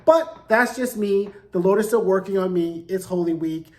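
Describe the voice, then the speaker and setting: A man's voice: high voice, moderate pace, a little mellow. A man in his forties giving a casual recap of a TV episode, sassy and profane, peppered with "like" and "right?". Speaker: TV recap host. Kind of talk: casual review commentary.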